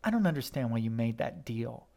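A man's voice: mid-range voice, sing-song, a little fast, vocal fry, mellow. A man voicing a frightened, stubborn little girl with a shaky, pleading manner in an audiobook. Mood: hushed. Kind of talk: audiobook character voice.

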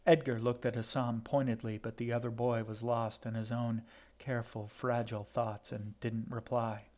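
A man narrating a fantasy audiobook in a steady, measured way. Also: medium pitch.

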